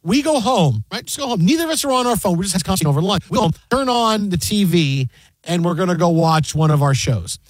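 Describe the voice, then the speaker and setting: A man hosting a sports talk show, telling rambling, animated stories and slipping into mock play-by-play. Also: high-pitched, quick pace, no echo. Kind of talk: casual sports radio chat.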